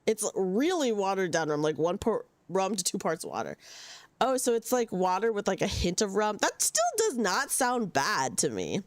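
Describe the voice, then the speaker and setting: A woman's voice: mid-range voice, very animated, moderate pace, no room sound. A young woman chatting casually on a game stream, giggly and self-deprecating, speaking into a desk mic at home. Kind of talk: casual live-stream chat.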